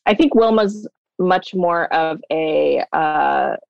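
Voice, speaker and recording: A woman's voice: deep voice, animated, slow, creaky, a little mellow. A woman talks casually as an interview guest, rambling through her answers with lots of fillers. Her voice comes through a dull, lo-fi remote line with a dry sound and no room echo. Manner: chatty, rambling, with many fillers.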